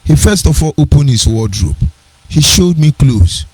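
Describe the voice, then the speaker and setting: A man's voice: on the high side, sing-song, normal speed, a little mellow, slightly rough, dry recording, rough recording. A middle-aged man with a Nigerian accent, giving an earnest personal storytelling talk on a radio program, digressive and with sing-song emphasis.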